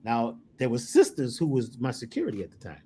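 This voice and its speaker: A man's voice: medium pitch, wildly swooping pitch, brisk, mellow, breathy edge. A man talking as a spiritual teacher, emphatic and preacherly, repeating phrases to drive his points home. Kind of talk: emphatic storytelling in conversation.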